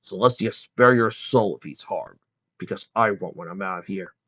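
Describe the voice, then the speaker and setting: A man doing a vengeful, low-voiced pony prisoner. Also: moderate pace, a bit bright, highs cut off, a little hiss or hum. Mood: threatening. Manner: threatening, low.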